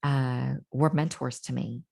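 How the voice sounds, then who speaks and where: A woman's voice: very deep voice, fairly even intonation, unhurried, vocal fry, mellow. A middle-aged woman as an interview guest, telling her personal story candidly and reflectively, with many fillers and restarts.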